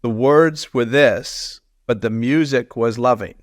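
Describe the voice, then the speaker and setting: A man's voice: mid-range voice, slow, dry recording, studio quality. A man speaking as a guest expert in a podcast interview, explaining through personal stories and laughing easily.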